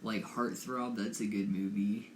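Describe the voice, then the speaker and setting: A man's voice: fairly low pitch, steady tone, measured pace. A young man co-hosting a casual podcast, hesitant and repeating himself, recorded in an echoey room. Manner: hesitant, repeats his words. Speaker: podcast co-host. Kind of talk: casual chat. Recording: echoey room with faint noise.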